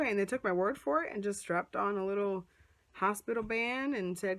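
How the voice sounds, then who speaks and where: A woman vlogger chatting to a small camera at close range, lively and animated, acting out what others said. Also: medium pitch, normal speed. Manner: chatty, animated, acts out quoted voices. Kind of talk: casual storytelling to camera. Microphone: phone or small camera close up.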